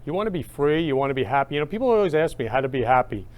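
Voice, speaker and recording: A man hosting his own show, talking in an eager, gushing monologue that swings up loud on key phrases. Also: fairly high pitch, big pitch swings, rapid-fire. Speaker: host. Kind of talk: enthusiastic casual monologue.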